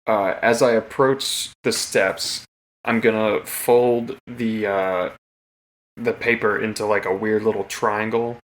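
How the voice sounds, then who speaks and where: A man playing a tabletop game, describing his character's actions in a relaxed, playful way. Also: lowish voice, slow. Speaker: player.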